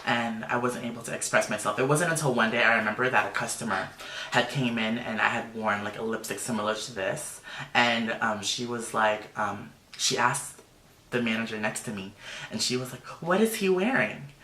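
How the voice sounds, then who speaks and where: Bright, animated young man in an echoey room. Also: fairly low pitch, moderate pace, a little hiss or hum. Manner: animated, emotional storytelling with many fillers. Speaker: makeup artist and YouTuber. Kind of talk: casual storytelling vlog. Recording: roomy echo.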